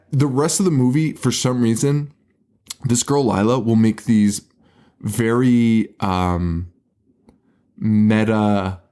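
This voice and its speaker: A podcast co-host with a fairly low, darkish voice recaps horror movie scenes in casual chat. He laughs often, swears, and mock-quotes the characters.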